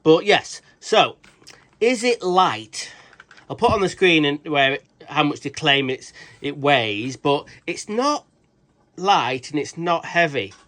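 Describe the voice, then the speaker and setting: A man's voice: a little high, lively intonation, slow, fairly bright tone. A British man reviewing a tool in a casual vlog, rambling and swearing freely with cheeky jokey asides. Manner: rambling, swears a lot, restarts sentences.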